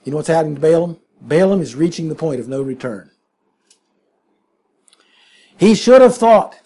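A man's voice: fairly high pitch, very animated, moderate pace, pauses often, dark tone, slightly rough. A man preaching a sermon, emphatic and full of rhetorical questions.

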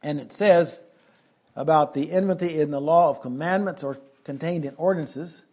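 Husky man teaching the Bible. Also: on the high side, a little mellow. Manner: slows down to stress key phrases. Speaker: preacher.

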